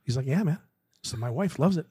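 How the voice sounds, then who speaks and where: A man's voice: on the high side, animated, fairly quick, warm tone, slightly rough, no room sound, studio quality. A man chatting casually, telling a story and acting out the lines of the people in it. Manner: chatty storyteller, acts out dialogue. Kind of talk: casual chat.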